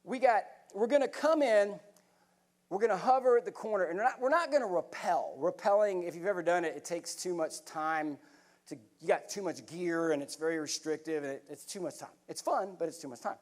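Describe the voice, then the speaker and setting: A middle-aged American man giving a speech, telling a vivid, animated story from the stage to a live audience. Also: high-pitched, fairly quick. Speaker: keynote speaker.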